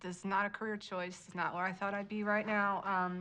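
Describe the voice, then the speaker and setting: Crying mom talking to a group, pretty monotone, halting, faint hiss. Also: female voice, medium pitch. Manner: soft, halting, with fillers. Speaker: mother and local activist. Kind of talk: personal testimony to a group.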